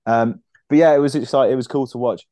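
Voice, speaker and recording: A man's voice: medium pitch, fairly even intonation, quick pace, mellow, no echo. A man, co-hosting a casual sports podcast, rambling with frequent restarts and swearing. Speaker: podcast co-host.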